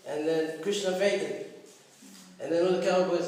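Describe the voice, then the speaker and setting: Animated man telling stories in an echoey hall. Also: sits high, unhurried. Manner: animated, laughs often, acts out voices in stories. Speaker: speaker at a devotional class. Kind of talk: casual storytelling talk. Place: temple hall. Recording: echoey hall, mic at a distance.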